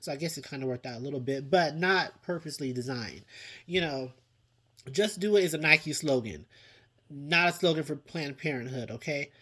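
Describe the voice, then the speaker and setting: A man's voice: fairly high pitch, moderate pace, sharp tone, husky. Give me a chatty man reviewing a reality show for his vlog, reacting dramatically and laughing often. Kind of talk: casual commentary vlog.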